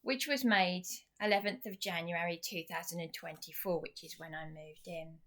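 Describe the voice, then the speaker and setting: A woman's voice: on the low side, fairly even intonation, normal speed, few pauses, fairly bright tone. A woman in an indignant, rambling venting monologue to camera, sarcastic as she goes. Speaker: vlogger.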